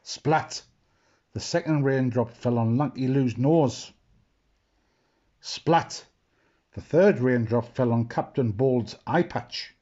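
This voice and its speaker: A man slowly reading a children's picture book aloud, expressive and adding asides. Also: mid-range voice, highs cut off. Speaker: storyteller.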